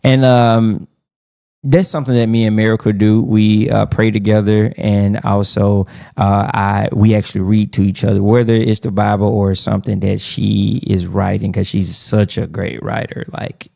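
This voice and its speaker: A man chats loosely on a faith podcast, tossing in jokes and filler words as he goes. His voice has a gravelly edge. The recording is close and dry. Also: fairly low pitch, flat delivery, normal speed, dark tone, no room sound. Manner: casual, joking, hesitant with many fillers. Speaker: podcast co-host.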